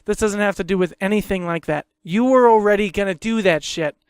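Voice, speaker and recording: A man's voice: sits high, brisk, clean tone, no room sound, studio quality. A man hosting a podcast, ranting heatedly in a casual, profane way and repeating himself. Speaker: podcast host.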